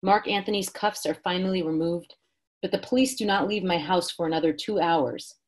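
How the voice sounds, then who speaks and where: A woman reads a first-person prose passage aloud in a steady narrative manner. Her voice sits a little low with a husky edge. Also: fairly quick.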